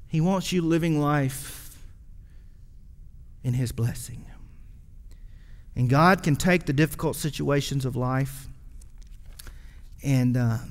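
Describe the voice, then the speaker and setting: A man preaching a sermon as pastor, impassioned, swinging from loud exhortation to quiet, hushed lines. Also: medium pitch, big-room sound.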